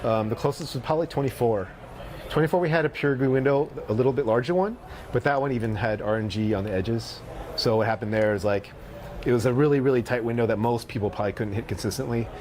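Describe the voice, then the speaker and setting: A man being interviewed as a game developer, explaining in a measured way with frequent fillers. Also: medium pitch, darkish tone, a little hiss or hum. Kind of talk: interview explanation, played on stream.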